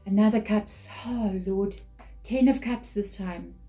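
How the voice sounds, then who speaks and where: A woman's voice: medium pitch, fairly even intonation, unhurried, warm tone, faint music behind, low-quality recording. A woman giving an earnest, emotional tarot reading straight to camera, often repeating her phrases. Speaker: tarot reader.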